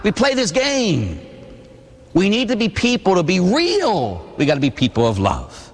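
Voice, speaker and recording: Animated priest preaching in a reverberant church. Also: male voice, sits high, a little slow, slightly rough. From Pittsburgh, USA. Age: 40s. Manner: animated storytelling, acting out quoted voices. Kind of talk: sermon.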